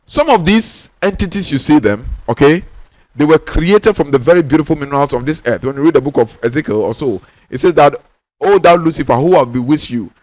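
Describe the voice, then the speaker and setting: A man's voice: fairly high pitch, lively intonation, a little mellow, no echo. Emphatic Ghanaian man teaching spirituality. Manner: emphatic, repeats key lines for stress; insistent, drawn-out stressed words.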